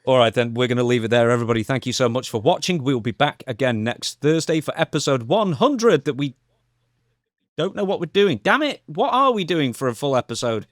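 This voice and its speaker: A man's voice: medium pitch, expressive, brisk, dry recording. A man co-hosting a podcast in casual chat, teasing in a dry way. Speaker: podcast co-host.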